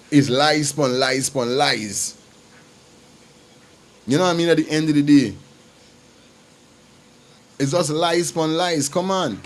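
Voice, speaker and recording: A man hosting a livestream. He talks straight to his viewers in a casual, emphatic way and repeats his points. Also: a little high. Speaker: livestream host. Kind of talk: casual commentary.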